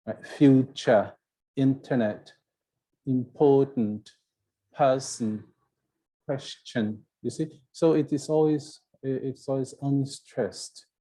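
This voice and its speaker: A native Portuguese speaker with a Brazilian accent teaches an English video lesson, explaining slowly. His mid-range voice has a dark tone, and he keeps checking in with "right?" and "okay?"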